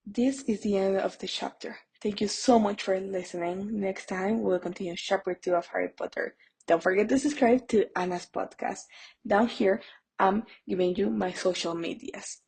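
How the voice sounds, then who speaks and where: A woman's voice: mid-range voice, moderate pace, creaky, a little mellow, slightly rough, poor audio. A woman hosting a podcast, reading an audiobook aloud in a plain way with small stumbles. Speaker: podcast host, audiobook reader. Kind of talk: amateur audiobook narration.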